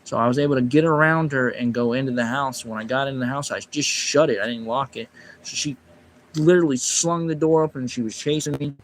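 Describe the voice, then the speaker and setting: A man's voice: mid-range voice, fairly even intonation, quick pace, slight background noise. A man livestreaming, telling a long personal story in a rambling, casual way and snapping back at his chat. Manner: rambling, speaks quietly when telling the story, louder and sharper when reacting to chat. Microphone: phone or desk mic on a livestream.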